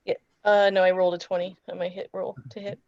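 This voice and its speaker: A woman playing a tabletop game, chatty and quick to chime in. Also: on the low side, flat delivery, dry recording. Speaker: player. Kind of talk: casual tabletop play. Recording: dull, muffled audio.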